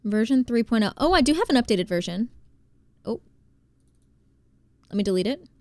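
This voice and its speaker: Jersey girl streaming a game, kinda high voice, talks to chat nonstop, dry close sound. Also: expressive, a little mellow, no echo. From New Jersey. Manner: chatty, reads out and thanks chat, quick to exclaim. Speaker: live streamer. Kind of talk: casual live-stream chat while gaming.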